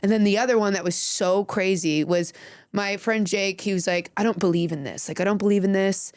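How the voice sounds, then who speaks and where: A woman's voice: mid-range voice, steady tone, a little fast, a little mellow, dry recording, studio quality. A woman comedian, a guest on a podcast, telling rambling stories with frequent giggles. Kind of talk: casual chat, storytelling.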